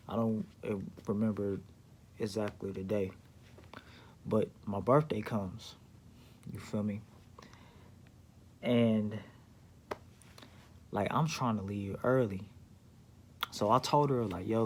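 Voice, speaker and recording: A man's voice: fairly low pitch, a little mellow, a little hiss or hum. A young man casually telling a story from his life, with a laid-back slangy manner and lots of fillers.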